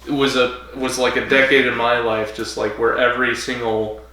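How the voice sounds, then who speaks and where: Excitable guy rambling on a podcast, laughs a lot, sounds a bit far off in a really echoey room. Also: medium pitch, moderate pace. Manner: animated, laughs often, rambling with many likes. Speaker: podcast co-host. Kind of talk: casual chat. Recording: echoey room, mic at a distance.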